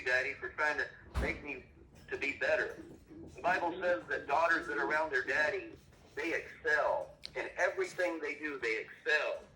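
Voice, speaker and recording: A man's voice: on the high side, bright, forceful tone. A middle-aged man and father leading a Bible lesson for his kids over the phone, stern and scolding. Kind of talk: preachy scripture teaching. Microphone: phone call. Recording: echoey, distant phone recording, faint noise.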